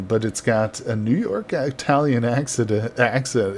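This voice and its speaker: A man's voice: medium pitch, lively intonation, measured pace, a little hiss or hum. A man chatting casually on a live game stream, reading out viewer messages and laughing often. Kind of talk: casual live-stream chat while building.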